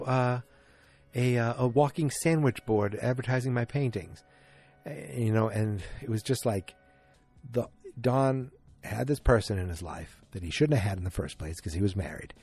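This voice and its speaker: A man's voice: dark tone, slightly rough. A man hosting a podcast, casually recapping an episode and acting out the characters' lines as he goes. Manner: retells scenes, acting out the lines with pitch jumps; many fillers and restarts, chatty. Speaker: podcast host.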